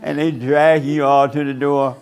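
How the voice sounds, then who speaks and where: An older man preaching a blunt sermon to a small group, mocking people by acting them out in a higher voice. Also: level tone, measured pace. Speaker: pastor.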